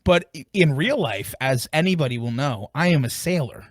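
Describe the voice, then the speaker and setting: A man's voice: a little high, animated, normal speed, no room sound, studio quality. A man co-hosting a casual music review podcast, joking and rambling with plenty of fillers. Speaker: podcast co-host.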